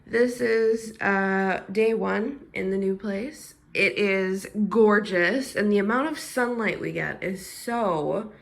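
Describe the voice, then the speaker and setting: Excited raspy woman touring her home. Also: mid-range voice, slow, few pauses. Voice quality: raspy, smoker-like. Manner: excited and gushing, swears casually. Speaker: partner showing the new home. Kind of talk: casual home video tour. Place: walking through a new apartment.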